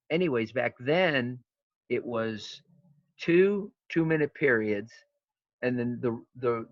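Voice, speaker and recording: Man, 50s, wrestling coach, animated storyteller, fillers and restarts, dry close sound. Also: mid-range voice, no room sound, muffled recording. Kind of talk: storytelling interview.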